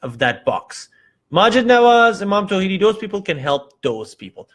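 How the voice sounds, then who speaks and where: A man from Iran hosting a casual live show, telling stories in an animated way and acting out quotes. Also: high-pitched, normal speed. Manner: animated storytelling, acts out quotes, frequent fillers. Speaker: host.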